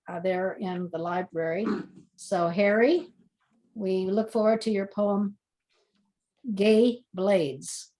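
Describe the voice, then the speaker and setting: Older female host of a writers' group reading, unhurried and gracious. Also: medium pitch, dark tone, rough recording. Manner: slow, gracious and deliberate. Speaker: moderator of a poetry reading. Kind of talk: introducing readers.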